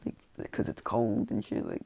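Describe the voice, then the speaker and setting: A man's voice: moderate pace, mellow, no room sound. A young man casually retelling a fan-made story, rambling and self-mocking, with lots of "like" and restarts.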